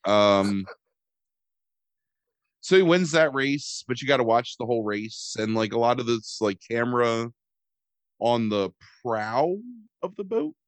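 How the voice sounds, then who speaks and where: A man's voice: medium pitch, animated, unhurried, pauses often, no room sound. A man chatting casually as a podcast host about a movie, rambling and sarcastic, swearing and filling gaps with "um" and "like.". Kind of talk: casual chat.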